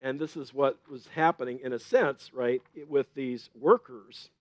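A man's voice: mid-range voice, measured pace, dry recording. A man giving a conversational Bible teaching, telling stories with gusto and often checking in with "right?". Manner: chatty, keeps asking "right?", retells stories with gusto; laughs at his own stories.

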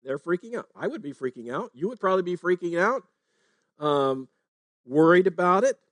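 Pastor, male, slightly high voice, relaxed talky sermon delivery, dry recording. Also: normal speed, no room sound. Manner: conversational preaching, frequent "right?" tags.

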